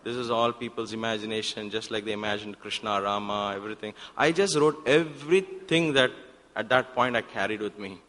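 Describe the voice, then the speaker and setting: A man, telling a personal story in a talk at a devotional center and acting out the exchanges in sudden loud bursts. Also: fairly low pitch, brisk. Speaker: guest speaker at a spiritual center. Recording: long hall reverb.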